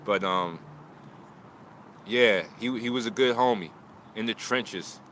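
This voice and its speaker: Recorded outdoors on a phone, a man talks live about loss and motivation in brief, sermon-like lines. He's a martial arts teacher with a lowish, fairly bright voice who speaks at a slow pace, and there's slight background noise in this emotional stream.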